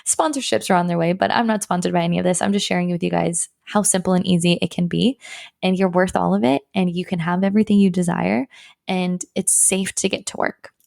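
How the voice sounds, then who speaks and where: A woman's voice: lowish voice, steady tone, fairly quick, gravelly, a little mellow. A young woman hosting a solo podcast, talking in an upbeat, encouraging way about healing work and her upcoming programs. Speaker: podcast host and healer.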